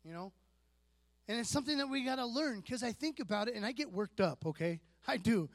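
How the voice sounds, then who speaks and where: A man, likely in his thirties, sharing a personal church testimony in a relaxed, self-deprecating way, with lots of fillers and restarts. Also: very high-pitched, fairly quick, no room sound.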